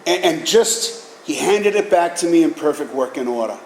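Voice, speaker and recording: A middle-aged man giving an animated personal talk at a recovery meeting, telling stories with casual profanity. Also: on the high side, moderate pace, creaky, slight background noise. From Boston area, USA. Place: meeting hall. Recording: echoey hall with faint ambience.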